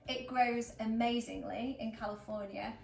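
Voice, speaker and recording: Hosting a relaxed flower-arranging demo, a florist from England speaks at a moderate pace in a fairly high, fairly even voice with some vocal fry. Her talk is upbeat, chatty and full of fillers, and the distant mic picks up roomy echo and faint music in the background.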